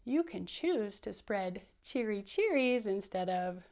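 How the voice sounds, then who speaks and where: A woman's voice: medium pitch, lively intonation, takes it slowly, darkish tone. A woman reading a picture book aloud to children, explaining the story and prompting them to repeat words and sounds with her.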